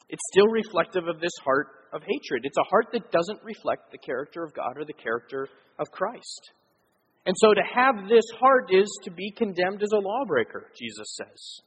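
A man's voice: high voice, breathy edge. A man preaching a sermon as pastor, explaining earnestly with frequent fillers. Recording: long hall reverb.

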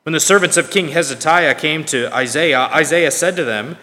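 A man reading scripture aloud in a measured, emphatic way, now and then correcting himself. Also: a little high, bright, forceful tone. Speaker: scripture reader. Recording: long reverb of a large hall.

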